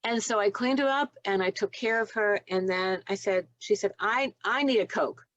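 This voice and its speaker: A woman's voice: mid-range voice, moderate pace, dry recording, lo-fi sound. A woman in her sixties, a nurse and doula, telling stories in a podcast interview, acting out the dialogue and laughing often. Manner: animated storyteller who acts out dialogue and laughs often.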